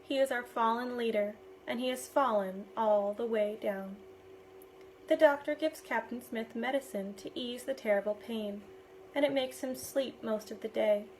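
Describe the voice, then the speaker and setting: A woman with a slightly high voice reads a novel aloud, steady and expressive. Her delivery follows the story closely, with clear narration. A faint ambient hush sits under the recording. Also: normal speed, slight background noise, poor audio. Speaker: reader.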